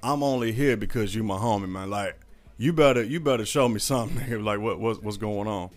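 A man's voice: fairly low pitch, a little fast, natural voice. A man acting out a fed-up young coworker, grumbling, profane, skeptical.

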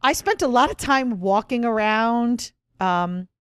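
Bubbly, higher-pitched woman co-host. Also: unhurried, clean tone, no room sound, studio quality. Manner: chatty, excitable, trails off mid-sentence. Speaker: podcast co-host. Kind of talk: casual chat.

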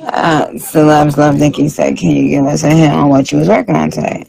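A man's voice: a little high, level tone, fairly quick, creaky, noisy background. A man doing a comic impression of a sassy, tired female rap star who reads live chat comments on a late-night stream, with a drawling, profane manner.

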